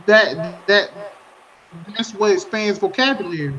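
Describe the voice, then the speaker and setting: A man's voice: high-pitched, measured pace, fairly bright tone, faint music behind. A man co-hosting a casual podcast, talking earnestly and musing aloud, often restarting his thoughts. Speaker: podcast co-host. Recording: dull lo-fi podcast mic.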